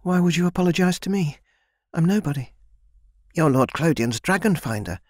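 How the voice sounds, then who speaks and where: A man reads the part of a proud young warrior woman in a fantasy audiobook, his voice lifted higher than his narration. She speaks bluntly and directly, and the recording is close and dry. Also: lively intonation, normal speed, no room sound.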